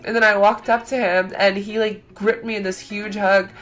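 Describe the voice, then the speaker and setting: A young adult woman vlogger telling a story in an excited, gushing, chatty way, full of fillers. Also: medium pitch, normal speed, soft background music.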